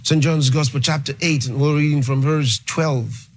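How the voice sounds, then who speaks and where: A man's voice: fairly high pitch, fairly even intonation, moderate pace, slight background noise. A male pastor preaching a sermon, emphatic, repeating key phrases and dwelling on exclamations.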